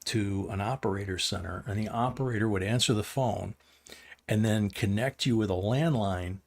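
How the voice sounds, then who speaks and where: An older man with a heavily gravelly, husky voice sits at his stream and spins a loose, rambling tale. He chuckles as he goes and keeps restarting his sentences. His pitch sits a bit low. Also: normal speed. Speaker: host. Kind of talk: casual storytelling on a live stream.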